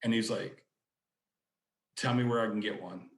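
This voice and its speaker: A man's voice: fairly low pitch, steady tone, normal speed, reverberant. A man, a podcast guest, casually telling rambling anecdotes and acting out the quotes. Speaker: podcast guest, book collector. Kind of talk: casual storytelling.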